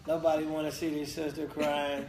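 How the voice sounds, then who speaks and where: A young man talking casually about his sister on a live stream, relaxed and teasing, often searching for words. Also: on the high side, moderate pace, echoey room, faint music behind. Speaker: guest, the host's brother. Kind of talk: casual chat.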